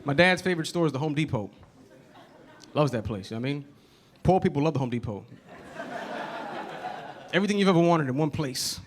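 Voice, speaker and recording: A man's voice: on the high side, lively intonation, fairly quick, pauses often. A man from the Bronx performing a conversational stand-up set in a comedy club. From the Bronx, New York. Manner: conversational, keeps asking "you know what I mean". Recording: noisy club, audience laughter.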